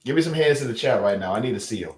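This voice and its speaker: A man's voice: medium pitch, expressive, rapid-fire, echoey room. A young man hosting a livestream, chatting casually, incredulous and exclamatory, often repeating himself. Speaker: livestream host.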